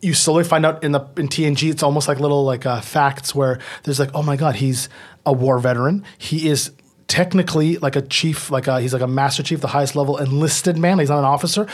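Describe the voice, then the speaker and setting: A man who is a comedian guest, telling a story in a rambling, animated way with lots of fillers and swearing. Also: fairly high pitch, a little fast. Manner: rambling, animated, fillers and profanity, acts out quotes. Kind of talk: casual podcast storytelling.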